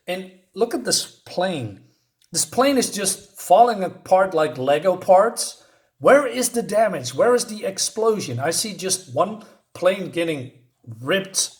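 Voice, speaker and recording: A man reviewing a comic book in a scornful, exasperated rant, often stumbling into restarts. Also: high voice.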